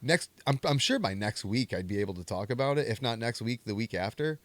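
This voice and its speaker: A man's voice: mid-range voice, animated, brisk, fairly bright tone, no room sound. A young man hosting a comedy movie podcast, rambling and joking in a self-mocking way. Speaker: podcast host. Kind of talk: casual movie commentary.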